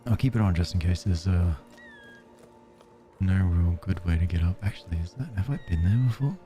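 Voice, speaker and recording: Aussie guy chatting through a game stream, low mellow voice, faint music behind. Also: fairly quick. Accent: Australian. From Australia. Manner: chatty, reacts to chat, soft chuckles. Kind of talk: casual gameplay commentary.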